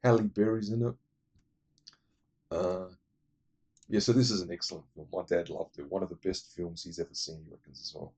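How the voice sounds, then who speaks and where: A man's voice: low voice, fairly even intonation, moderate pace, long pauses, dark tone, slightly rough. A man rambling enthusiastically through casual film recommendations, full of fillers. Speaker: movie reviewer.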